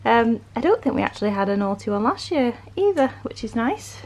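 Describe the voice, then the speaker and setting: Young woman, casual vlogger, fairly high voice, light background noise. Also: big pitch swings, brisk, a little mellow. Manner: chatty, rambling, with frequent ums. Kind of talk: casual vlog chat. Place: home with puppies.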